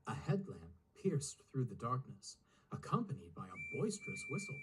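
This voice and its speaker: A man narrating a children's storybook in an expressive storytelling manner, with music underneath. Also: medium pitch, moderate pace, distant mic, noisy background. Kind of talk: storybook reading.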